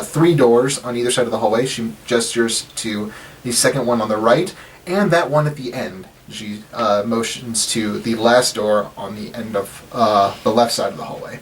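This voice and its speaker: A man running a tabletop game as dungeon master, narrating loosely with many fillers. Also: fairly low pitch. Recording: distant mic with background hiss.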